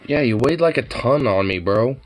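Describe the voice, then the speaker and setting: A man's voice: medium pitch, expressive, moderate pace. A young man vlogging casually, talking to his dog in cooing baby talk and swearing offhandedly.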